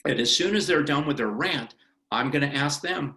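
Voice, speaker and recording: A man's voice: medium pitch, normal speed. A middle-aged man, an attorney, leading a workplace harassment training in a conversational way and acting out courtroom questioning. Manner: animated, acts out courtroom questioning. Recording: roomy echo of a meeting room.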